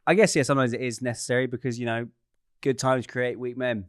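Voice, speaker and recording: A man's voice: medium pitch, steady tone, quick pace, smooth, no room sound, studio quality. Offbeat man riffing earnestly. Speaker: podcast co-host. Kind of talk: casual comedic chat.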